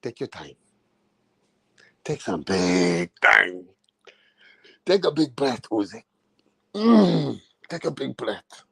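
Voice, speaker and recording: A calm male boxing referee, as a man puts him on, speaks in a low, hushed and soothing voice. He drops lower than the speaker's usual tone and slows down to reassure. The sound is close and dry. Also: vocal fry, no room sound, exaggerated voice.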